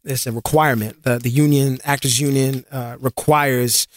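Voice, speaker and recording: A man from New York telling stories as an interview guest, animated and slangy, often repeating words. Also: medium pitch, moderate pace, dry recording, clean studio sound. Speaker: interview guest, singer and actor. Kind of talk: casual interview storytelling.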